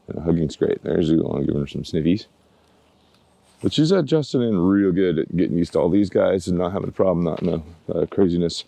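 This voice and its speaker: A man with a low, mellow voice talks casually into a handheld camera while he takes his dogs out in the yard. He is relaxed and chatty and coaxes the dogs along with pet names. The sound is dry and close. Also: brisk, vocal fry, dry recording. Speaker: dog trainer. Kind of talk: casual vlog narration while walking dogs. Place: outdoors in a yard by woods.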